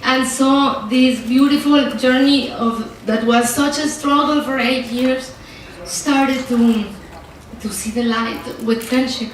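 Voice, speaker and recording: A middle-aged woman with a Mexican accent, telling stories in an interview with animated emotion, often laughing and repeating words as she speaks. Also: fairly high pitch, slow pace, a little hiss or hum. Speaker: actress interviewee. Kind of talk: candid interview storytelling. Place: film festival interview room. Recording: very echoey room, distant mic, faint ambience.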